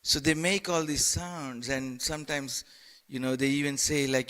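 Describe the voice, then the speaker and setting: A man preaching a sermon in a temple hall, halting and repeating words, with playful asides. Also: medium pitch, steady tone, sharp tone.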